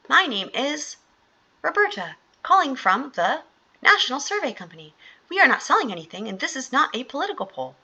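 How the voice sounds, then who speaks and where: A woman's voice: high-pitched, sharp tone, muffled recording, voice pushed up, exaggerated voice. Woman putting on a chirpy survey caller. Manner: mock-cheerful, sing-song reading. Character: chirpy female phone survey caller, overly polite.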